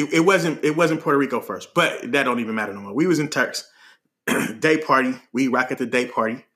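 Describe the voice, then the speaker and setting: A man from Oakland with a Bay Area accent, telling a story on a podcast in an animated, slangy way, laughing often as he talks. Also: mid-range voice. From Oakland, California. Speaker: podcast host. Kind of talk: casual storytelling.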